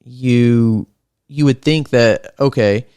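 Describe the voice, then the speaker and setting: Podcast host guy, smooth clear voice, dry close sound, rambly thoughtful questions. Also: mid-range voice, takes it slowly, a little mellow, no echo. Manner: thoughtful, long winding questions. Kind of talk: casual interview chat.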